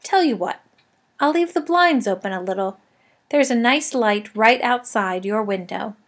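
A woman's voice: a little high, lively intonation, a little slow. A woman voicing a cheerful, chatty middle-aged male night janitor who jokes and talks kindly to a class pet. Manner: chatty, joking, friendly.

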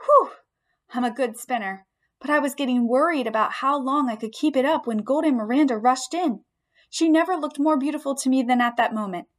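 A woman narrating a children's story aloud in the first person, with expressive storytelling. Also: high-pitched, a little fast. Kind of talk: audiobook storytelling.

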